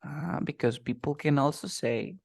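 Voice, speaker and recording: A man's voice: a little high, moderate pace, gravelly, darkish tone, dry recording, studio quality. A man teaching English one-to-one online, patiently repeating example phrases.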